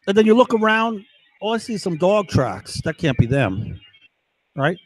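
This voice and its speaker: Rambling man with a high voice, agitated and profane, dry close sound. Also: big pitch swings, normal speed, husky, no echo, rough recording. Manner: keeps asking "right?". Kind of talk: rambling monologue to camera.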